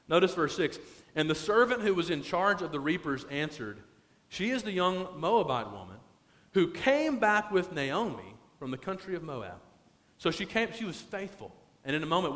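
A man preaching a sermon as pastor, stretching key phrases out slowly for emphasis. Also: a little high, fairly bright tone, long reverb tail.

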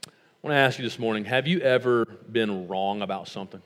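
A man's voice: on the low side, quick pace, a bit bright, big-room sound. A man in his thirties with a West Tennessee accent, preaching a sermon with stories and rhetorical questions that build to emphatic points. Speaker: pastor.

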